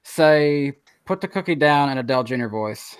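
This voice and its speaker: A man's voice: medium pitch, expressive, normal speed, smooth. A man co-hosting a casual online podcast, stumbling and repeating words as he reads out comments. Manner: stammers and repeats words when starting to read comments. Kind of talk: casual group podcast chat.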